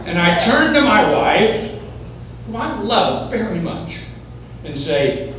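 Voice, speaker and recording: Animated man telling stories. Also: high voice, slow pace. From Oklahoma. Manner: animated, playfully exaggerating. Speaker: storyteller. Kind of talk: live comic storytelling. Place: event hall, indoors. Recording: echoey hall, distant mic, background noise.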